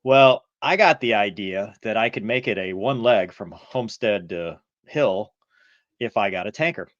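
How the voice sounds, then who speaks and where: A man's voice: lowish voice, animated, normal speed, a bit bright, no room sound, highs cut off. A middle-aged man co-hosting a podcast, telling a flying story and acting out the radio calls. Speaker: podcast co-host, former fighter pilot. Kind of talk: casual storytelling chat.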